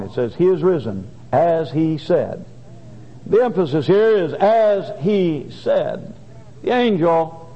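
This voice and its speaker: A man preaching a sermon and reading scripture in a folksy, halting way with many restarts. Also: sits high, darkish tone. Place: church. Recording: dull lo-fi church recording with long reverb.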